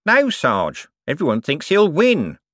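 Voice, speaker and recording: A man's voice: fairly high pitch, wildly swooping pitch, measured pace, fairly bright tone, no echo, studio quality, pitched above the performer's own voice, full character voice. A man voicing a scruffy, sly corporal who asks cheeky questions in a whiny way.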